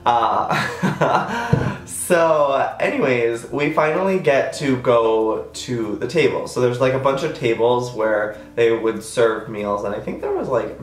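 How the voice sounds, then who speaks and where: In an echoey recording, a chatty vlogger tells a casual storytime tale. He's self-mocking and acts out quotes with sudden jumps in pitch.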